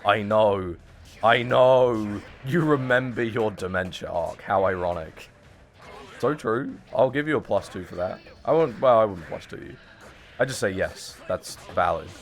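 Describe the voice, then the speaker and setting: A man's voice: fairly low pitch, a little slow, a little hiss or hum. A man in his twenties streaming a fighting game, chatting casually and joking at his own expense with his viewers. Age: 20s. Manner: rambling, jokey and self-mocking, talking to chat.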